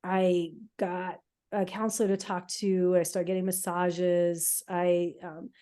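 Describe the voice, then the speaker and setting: Woman telling her story with a mellow voice. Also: fairly low pitch, flat delivery. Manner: emotional, halting, many fillers and restarts. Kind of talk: casual personal storytelling.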